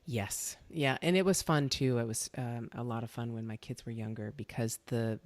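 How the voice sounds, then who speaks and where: A woman's voice: very deep voice, normal speed, no echo. Chatty middle-aged woman host, dry sound. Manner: chatty storyteller, animated when excited. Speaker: podcast host. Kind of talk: casual interview chat.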